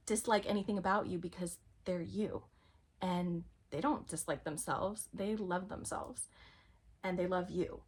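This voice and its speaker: A woman vlogging in a casual, rambling monologue about spirituality. She is chatty and animated, and sometimes drops to a near-whisper. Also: mid-range voice, husky.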